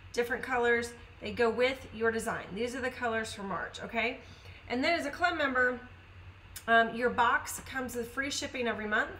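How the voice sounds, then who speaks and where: A woman's voice: on the high side, pushed and bright, recorded from a distance, a little hiss or hum, poor audio. A woman hosting a casual live-stream craft sale from home, chatty and upbeat, greeting viewers by name. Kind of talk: casual live sales chat.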